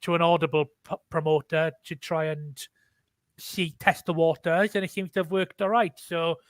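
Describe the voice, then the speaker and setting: A man's voice: a little high, level tone, moderate pace, no echo. A man with a Welsh accent, the guest author in a casual online chat, talking candidly with many restarts.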